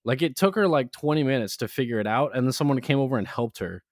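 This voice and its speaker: Animated young man telling a story. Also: quick pace, no echo, studio quality. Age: 20s. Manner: animated storytelling, acts out quotes with raised pitch. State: in jaw pain. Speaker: podcast co-host. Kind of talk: casual chat.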